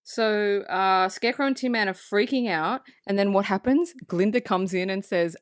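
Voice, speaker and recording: A woman co-hosting a movie podcast, recapping the film in casual, profane, animated chat and acting out bits of the characters. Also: medium pitch, moderate pace, few pauses, dry recording, clean studio sound. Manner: animated, swears freely, acts out characters. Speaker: podcast co-host.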